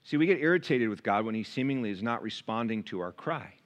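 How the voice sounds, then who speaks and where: A man preaching a sermon to his church, shifting from quiet, close asides to loud, raised passages. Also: fairly low pitch, lively intonation, fast. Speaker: pastor. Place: church sanctuary.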